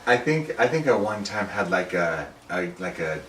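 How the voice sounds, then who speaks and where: A man's voice: deep voice, sing-song, moderate pace, a bit bright, slight background noise. A man co-hosting a casual comedy chat, laughing through his stories and slipping into silly quoted voices. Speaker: co-host. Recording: roomy echo, mic at a distance.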